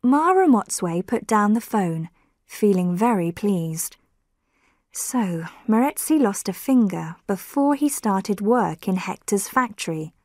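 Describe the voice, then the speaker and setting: A woman narrates a graded reader for English learners at a very unhurried pace. Her mid-pitched voice is read close to the mic in a dry, deadened space, each word set out clearly. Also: animated, a little mellow, no echo. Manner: slow, clear storytelling with quoted voices lightly lifted. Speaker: audiobook narrator.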